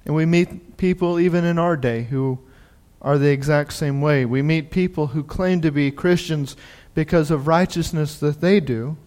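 A man preacher giving a sermon in an animated, conversational storytelling way. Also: on the high side, normal speed.

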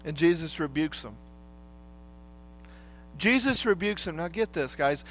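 A man with a fairly high voice preaches a sermon, talking to his listeners as if in conversation. He often checks in with them through quick questions. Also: expressive, fairly bright tone, a little hiss or hum.

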